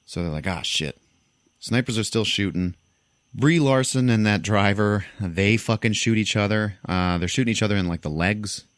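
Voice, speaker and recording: A young man with a deep voice runs a laid-back podcast where he recounts a film scene by scene, loosely and with animation, using high voices for characters. His pace is moderate, and the close, dry recording carries no room sound.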